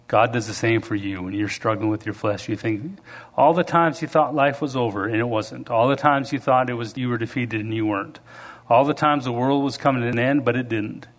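A middle-aged man preaching a sermon, telling stories and shouting out the lines of the people in them. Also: medium pitch. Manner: storytelling, acts out quoted voices loudly. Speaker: pastor.

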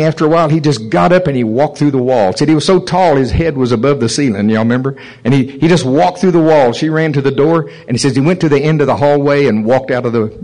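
A man preaching a sermon, telling stories in an animated way and chuckling at them. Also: medium pitch, rough recording. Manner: animated storytelling, chuckles at his own stories. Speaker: pastor.

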